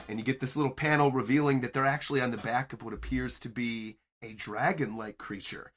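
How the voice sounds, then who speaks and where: A man's voice: medium pitch, brisk, hardly any pauses. A man hosting a podcast, giving an enthusiastic chapter recap and acting out the characters' lines as he goes. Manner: animated, acts out character lines as he narrates. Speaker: podcast host.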